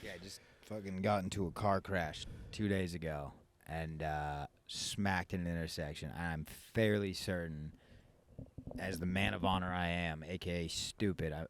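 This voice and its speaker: A man with a fairly low voice hosts a casual podcast chat. He talks in a laid-back way, swears freely and pokes fun at himself. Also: measured pace, slight background noise. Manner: laid-back, profane and self-mocking. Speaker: podcast host.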